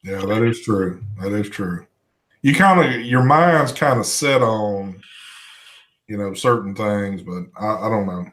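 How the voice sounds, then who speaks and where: A man's voice: fairly low pitch, expressive, measured pace, a bit bright. A man co-hosting a live vaping show, chatting casually, reading out viewer comments and swearing now and then. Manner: laid-back, swears casually, reads chat aloud. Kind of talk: casual live-stream chat.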